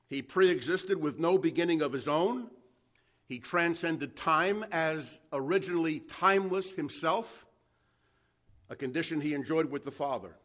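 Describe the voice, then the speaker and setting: A man's voice: on the high side, animated, a little slow. A man preaching an expository sermon, teaching a Bible text with emphasis, stretching out key words and asking his listeners questions.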